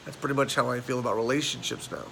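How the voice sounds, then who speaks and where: A man's voice: mid-range voice, steady tone, rapid-fire, vocal fry, a bit bright, slight background noise, low-quality recording. An actor performing a film monologue as a neurotic, self-mocking man just turned forty, who rambles and stammers through repeated words. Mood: rueful.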